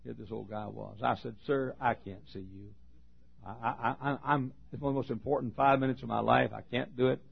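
Gravelly-voiced preacher telling a story. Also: male voice, medium pitch, fairly even intonation, brisk. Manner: emphatic, swings from loud to hushed. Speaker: pastor. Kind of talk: storytelling sermon. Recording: dull lo-fi recording.

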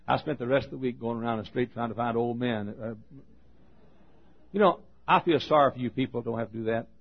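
A man preaching a sermon as a pastor, telling a story with emphatic swings between loud and hushed delivery. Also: medium pitch, a little fast, creaky, husky. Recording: dull lo-fi recording.

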